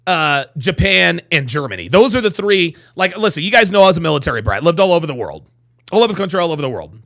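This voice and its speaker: Animated gravelly-voiced man ranting. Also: high-pitched. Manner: animated, profane, repeats phrases, drags out words for emphasis. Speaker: host reacting to a video clip. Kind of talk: livestream commentary.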